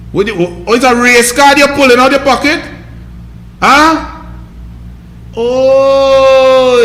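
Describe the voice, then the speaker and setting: A man's voice: very high voice, bright, forceful tone, echoey room. A man with a Trinidadian accent giving a scornful, mocking political rant, hammering his points with emphasis. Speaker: political commentator. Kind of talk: ranting political commentary.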